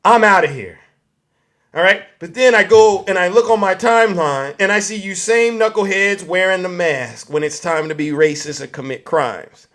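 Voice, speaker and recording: A man's voice: high voice, moderate pace, few pauses, a bit bright. A man doing a political comedy rant, mocking his targets and acting out little scenes. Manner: mocking, acts out scenes in put-on voices.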